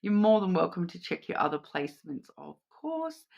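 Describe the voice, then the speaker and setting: A woman's voice: fairly low pitch, sing-song, moderate pace, creaky, a little mellow, muffled recording. A woman with an Australian accent, giving a casual, reassuring card reading to camera, chatty, with many fillers and restarts. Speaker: card reader.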